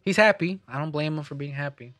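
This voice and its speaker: A man's voice: on the high side, fast talker, fairly bright tone, no echo. A man in casual chat while watching a movie with friends, talking in a chatty, questioning way.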